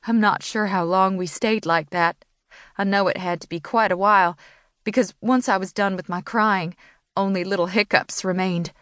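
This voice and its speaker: A woman's voice: lowish voice, dry recording, clean studio sound. Woman narrating an emotional audiobook. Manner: emotional first-person storytelling.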